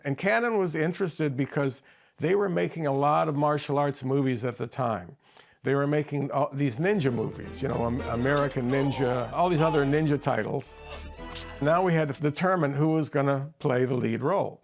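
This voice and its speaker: Gravelly-voiced man telling a story. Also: medium pitch. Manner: relaxed, anecdotal storytelling. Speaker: screenwriter. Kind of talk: documentary interview.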